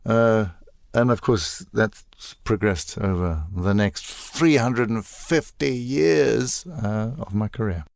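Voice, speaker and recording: A man's voice: fairly low pitch, takes it slowly, creaky, dry recording, clean studio sound. A man in his sixties from South Africa, a voice actor telling wry anecdotes as an interview guest. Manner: animated, wry, tells anecdotes with playful asides. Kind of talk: casual interview storytelling.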